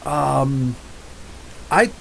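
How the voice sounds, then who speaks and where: A man in his forties from New Jersey, hosting a live comics podcast and answering viewer comments in a rambling, jokey way, with drawn-out R's. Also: mid-range voice, expressive, vocal fry, fairly bright tone, slight background noise, poor audio. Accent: New Jersey with drawn-out Ohio-style R's. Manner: rambling, jokey, talks back to chat. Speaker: podcast host.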